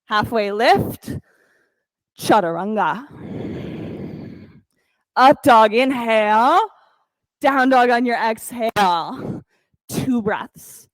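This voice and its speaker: A woman teaching a yoga class, calmly counting breaths and cueing poses with encouragement. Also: a little high, drawn-out words, long pauses, no room sound, low-quality recording. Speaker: yoga instructor. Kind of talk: guided yoga class cues.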